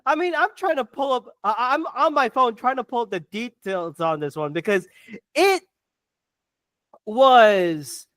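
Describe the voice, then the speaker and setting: A podcast co-host delivering a heated sports rant, swearing and tripping over restarts while talking fast. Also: medium pitch, lively intonation, a bit bright, dry recording.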